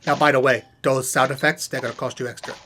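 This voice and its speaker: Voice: fairly even intonation, quick pace, a bit bright, slight background noise, natural voice. A performer voicing a vain male puppet professor who talks to camera as a comic spokesman, theatrical and sassy. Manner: theatrical, sassy, swooping pitch. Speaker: puppet spokesman for custom videos. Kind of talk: comic scripted monologue to camera. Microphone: on-camera puppet set.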